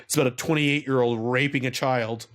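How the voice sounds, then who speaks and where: A man's voice: medium pitch, fairly even intonation, fairly quick. A man hosting a casual comedy podcast, self-mocking and crude, swearing freely as he riffs. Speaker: podcast host.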